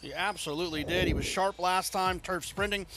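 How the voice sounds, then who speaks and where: A man's voice: high voice, a little fast, noisy background. A man discussing a racehorse's form in a conversational broadcast. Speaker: racing analyst.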